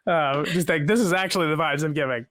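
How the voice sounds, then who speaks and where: Actor guy on a video call from home, kinda high voice, dry sound, jokey and self-deprecating. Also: quick pace, a bit bright, no room sound. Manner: chatty, self-deprecating, laughs often. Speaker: guest actor. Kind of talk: casual video-call interview.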